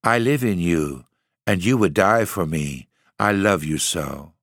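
A man's voice: sits low, lively intonation, a little slow, fairly bright tone, no room sound. A languid, dreamy young noblewoman, weak and mysterious, put on by a man reading a storybook aloud. She murmurs drowsily and half-whispers. The reading sounds close and dry. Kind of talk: audiobook reading.

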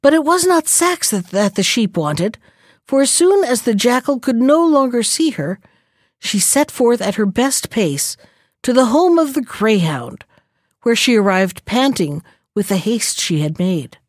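A woman reading a fairy tale aloud in a gentle, measured storyteller manner. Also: fairly high pitch, big pitch swings, dry recording, studio quality.

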